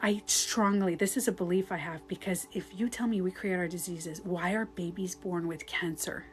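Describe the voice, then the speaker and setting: A woman whose voice is on the low side and fairly even in intonation coaches on a live stream at normal speed, soft music behind her. She chats loosely and answers comments candidly, laughing, swearing, and sometimes speaking in a hush.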